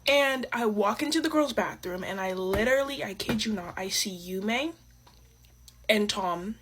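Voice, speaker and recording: A woman's voice: mid-range voice, animated, measured pace, a little hiss or hum. A woman telling a casual, confiding storytime about something she saw at school, dropping her voice for the juicy details. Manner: chatty and confiding, dropping to a hush for the juicy parts.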